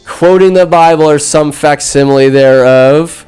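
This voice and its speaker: Smooth-voiced man joking through a movie recap. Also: medium pitch, steady tone, a little slow, darkish tone, faint music behind. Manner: rambling, profane, jokey asides. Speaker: podcast host. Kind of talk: casual comedic movie recap.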